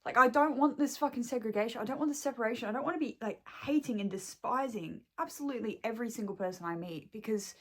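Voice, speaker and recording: A woman's voice: a little high, fast, few pauses. A young woman and shop worker venting to her camera at home, swearing heavily and rambling, close to tears. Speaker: vlogger and shop employee.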